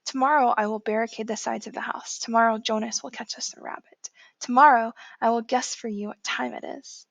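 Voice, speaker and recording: A gentle, soothing young woman, as a woman reads her, calm and reassuring. Her voice sits fairly high with a gravelly texture, recorded close and dry for a storybook. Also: fairly quick, no echo.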